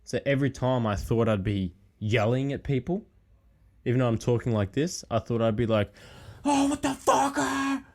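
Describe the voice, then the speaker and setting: A man's voice: mid-range voice, normal speed, darkish tone. A man talking as a podcast guest in a laid-back, rambling way, swearing a lot. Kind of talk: casual chat.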